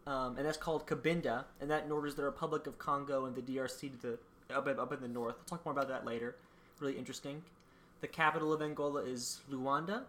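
A woman's voice: a bass voice, steady tone, fast talker, fairly bright tone, slight background noise. A woman co-hosting a casual podcast, reading out facts with dry jokes and frequent ums. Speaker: podcast co-host presenting country facts.

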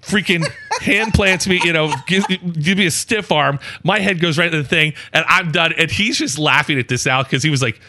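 A man with a bright, fairly high voice tells a story about his own blunder on a casual podcast. He acts out the people in it with lively, self-mocking energy. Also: a little fast, hardly any pauses. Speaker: podcast co-host.

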